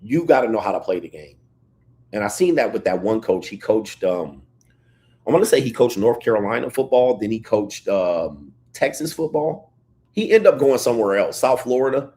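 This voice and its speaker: A man hosting a casual livestream, reading chat comments and telling stories in an animated way. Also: lowish voice, normal speed. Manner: animated storytelling, reads chat comments aloud. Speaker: livestream host.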